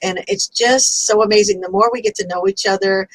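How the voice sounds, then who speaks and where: A woman's voice: mid-range voice, fairly even intonation, brisk, poor audio. A woman hosting a chat over a video call, speaking in an effusive, enthusiastic way. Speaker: host. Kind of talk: casual chat.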